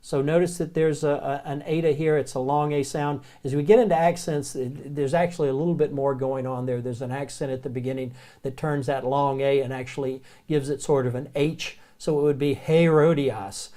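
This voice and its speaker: A man with a Southern American accent teaching the Greek alphabet in a relaxed, chatty way, slowly repeating each word. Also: medium pitch. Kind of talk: recorded classroom lecture.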